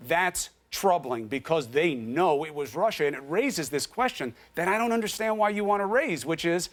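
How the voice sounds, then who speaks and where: A man's voice: fairly high pitch, expressive, normal speed, hardly any pauses. A middle-aged man from the United States, a TV news anchor, pressing his guest with persistent questions in a studio interview. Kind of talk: heated TV interview debate.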